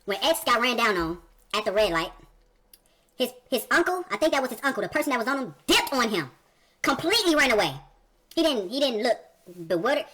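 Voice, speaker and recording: A woman's voice: a little high, very animated, fairly quick, long pauses, bright, forceful tone, slight background noise. A woman hosting a reaction video, talking emphatically in casual slang and asking rhetorical questions.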